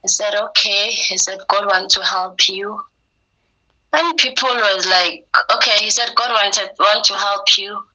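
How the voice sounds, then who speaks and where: A woman's voice: mid-range voice, a little slow, rough recording. A woman telling a personal story, acting out the things people said to her. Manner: quotes herself and others in a lively retelling.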